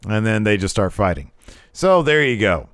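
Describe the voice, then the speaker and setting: Man, young adult, low voice, dry close sound, sarcastic casual commentary. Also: sing-song, moderate pace, no room sound. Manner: chatty, sarcastic, rambling. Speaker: wrestling video host. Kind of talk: casual commentary over footage.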